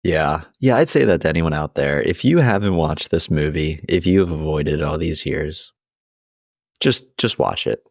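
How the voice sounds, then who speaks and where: A man's voice: rumbling low, moderate pace, gravelly, no room sound, studio quality. A young man co-hosting a podcast in casual chat, laughing often as he retells scenes. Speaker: podcast co-host.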